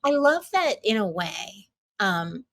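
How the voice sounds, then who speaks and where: A woman's voice: medium pitch, very animated, takes it slowly, vocal fry, no echo. A woman hosting a podcast, chatting casually and asking her guest questions. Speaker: podcast host. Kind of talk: casual interview chat.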